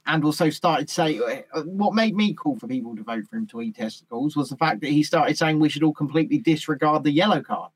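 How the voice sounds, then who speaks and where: A man's voice: a little high, brisk, hardly any pauses, slightly rough, no echo. A man hosting a casual live-streamed chat over a video call, blunt and teasing, swearing freely. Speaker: host.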